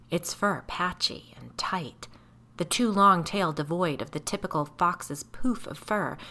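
A woman with a low-pitched voice narrates a first-person story. Her tone is bright and forceful, and her delivery is measured and tense. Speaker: audiobook narrator.

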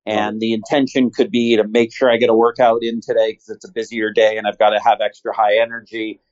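A man's voice: fairly low pitch, little pitch movement, a little fast. Male founder guest, earnest storyteller, slightly lo-fi audio. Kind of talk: casual interview chat. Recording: slightly dull lo-fi sound.

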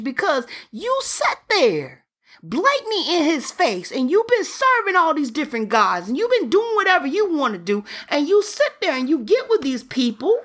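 Fervent woman preacher with a lively voice. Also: high voice, moderate pace. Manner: fervent, reads scripture aloud with interjections. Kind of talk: sermon.

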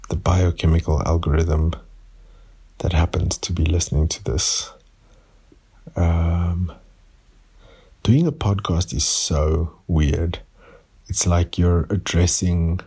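A man from South Africa recording a rambling late-night voice note for his podcast, speaking softly after drinking wine. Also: low-pitched, husky. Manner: soft-spoken, rambling. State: tipsy from wine. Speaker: podcast host. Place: room at home.

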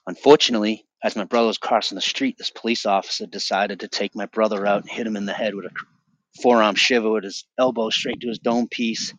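A man's voice: on the low side, fairly even intonation, fast talker, fairly bright tone, no room sound. A man in his forties from the Boston area, a podcast guest telling his personal testimony in an intense, emphatic way with frequent restarts. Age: 40s.

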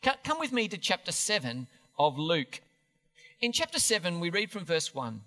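Male preacher, sermon, chatty, self-deprecating, high bright voice, reverberant church hall. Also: very animated, normal speed.

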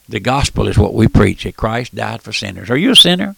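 An older man preaching a fervent radio sermon in a folksy, impassioned way, swinging from loud outbursts to hushed appeals. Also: lowish voice, very animated, normal speed, vocal fry, breathy edge, dry recording. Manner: impassioned, folksy, calls out "my friend", surges loud then drops soft.

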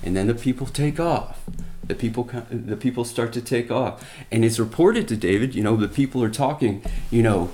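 A man preaching on a Bible story, retelling it with lively asides and many restarts. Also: medium pitch, normal speed. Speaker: Bible teacher. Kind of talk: sermon.

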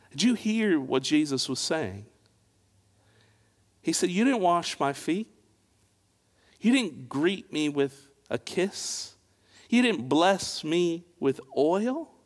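A male pastor delivering a sermon with dramatic swings of emphasis and pointed rhetorical questions. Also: on the high side. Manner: dramatic, rising and falling preaching with rhetorical questions. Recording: long reverb of a large hall.

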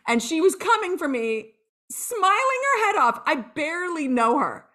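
A woman coach appears as a podcast guest, chatting candidly in a storytelling interview. Her voice sits high and moves at a normal speed. She's lively and expressive, acting out her own past lines as she recalls those moments.

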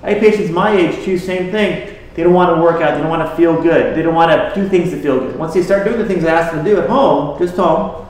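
Guy w a kinda high voice chatting to a group about his patients, storytelling, super echoey room. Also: a little fast, a little mellow. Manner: conversational, tells patient stories. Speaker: health practitioner treating patients. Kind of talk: casual talk to a group.

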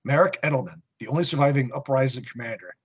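A husky-voiced man hosts a podcast and narrates a comic book story in a casual, earnest way. He drops in wry asides between the plot beats. His tone stays grounded and even. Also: medium pitch, quick pace, muffled recording. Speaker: podcast host.

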